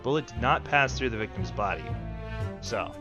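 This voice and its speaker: A man's voice: on the low side, moderate pace, lo-fi sound. A man streaming himself playing a game, chatting casually in a playful way. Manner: playful, lively, prone to laughing. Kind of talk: casual live game commentary. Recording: game music behind the voice. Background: game music.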